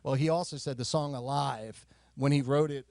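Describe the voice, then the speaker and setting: A man's voice: medium pitch, fairly even intonation, moderate pace, vocal fry, a little mellow, dry recording. Chatty man trading music trivia. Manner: chatty, jokey, shares trivia, frequent fillers. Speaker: podcast co-host. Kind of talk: casual chat.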